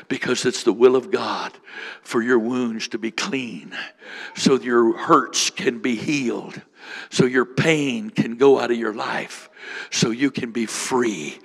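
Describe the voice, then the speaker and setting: A man's voice: medium pitch, a little slow, creaky. A man preaching as a bishop, leading a fervent prayer with repeated lines and speaking in tongues. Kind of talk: sermon with prayer ministry.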